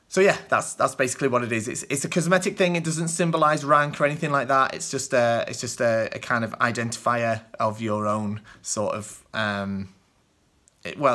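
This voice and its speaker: A British man hosting a kendo show answers viewer questions in loose, rambling, casual chat full of ums and restarts. His medium-pitched voice sounds pushed and bright.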